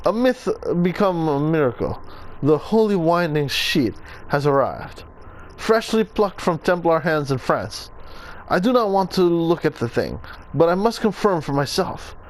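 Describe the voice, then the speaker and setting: A man's voice: a little high, big pitch swings, unhurried, low-quality recording. A man voicing a solemn male Italian assassin reading his journal, in a put-on Italian accent. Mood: grave.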